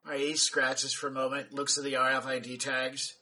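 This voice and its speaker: A man running a tabletop role-playing game as game master, describing scenes and talking rules in a relaxed way. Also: medium pitch, a little fast.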